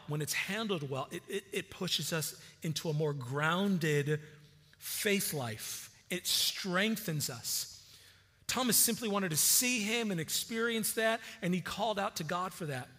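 A pastor delivers a sermon in a conversational, animated way, often restarting phrases with repeated words. His voice is bright, forceful and a little high, and his pace a little slow. A long reverb from a large hall rings through the sound.

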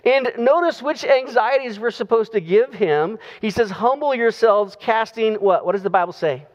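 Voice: mid-range voice, moderate pace, in a large hall, highs cut off. A pastor preaching a sermon in a conversational way, drawing out key phrases, recorded in a church sanctuary.

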